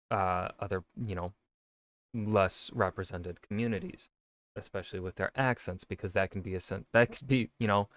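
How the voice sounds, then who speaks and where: A man's voice: fairly low pitch, no room sound. Man musing aloud in casual reaction. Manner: thinking aloud with many fillers and restarts. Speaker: author reacting to a video.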